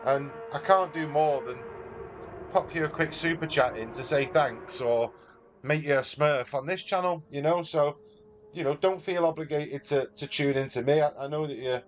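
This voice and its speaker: A man's voice: on the high side, a little hiss or hum. A man with a Mancunian accent, chatting casually with viewers on a live stream and reading out their messages in a matey way. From Manchester, England. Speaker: livestreamer.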